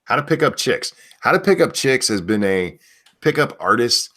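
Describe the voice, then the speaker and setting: A man's voice: medium pitch, normal speed. A man hosting a casual chat show, rambling through crude jokes and reading out donations. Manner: loose rambling crude humor, animated. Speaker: show host.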